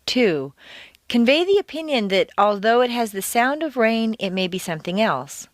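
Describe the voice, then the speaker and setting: On a scripted audio course, a woman teaches pronunciation in a slightly high, sing-song voice. She speaks deliberately and exaggerates the stressed words.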